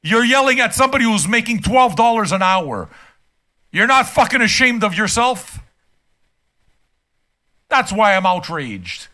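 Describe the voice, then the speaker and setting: Heated, high-voiced older man ranting. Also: very animated, measured pace, long pauses, bright, forceful tone. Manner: profane, emphatic and heated. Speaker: streamer reacting to music. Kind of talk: casual ranting commentary. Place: home room.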